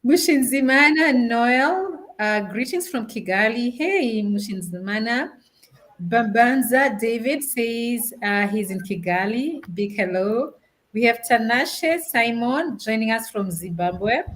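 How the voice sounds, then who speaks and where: A woman's voice: a little high, expressive, takes it slowly, fairly bright tone, low-quality recording. A woman from Africa hosting a live-streamed talk show, chatty, laughing often as she reads out greetings from viewers. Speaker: host.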